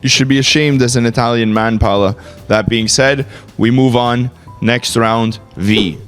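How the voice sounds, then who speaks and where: A man's voice: medium pitch, steady tone, measured pace, clear, resonant tone, faint music behind. A man hosting a quiz among friends as narrator, speaking in a theatrical, mock-formal announcer manner. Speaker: quizmaster and narrator.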